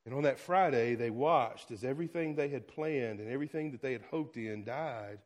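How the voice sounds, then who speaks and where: A male pastor preaching a sermon, swinging between loud exclamations and hushed, quiet lines. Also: medium pitch, moderate pace.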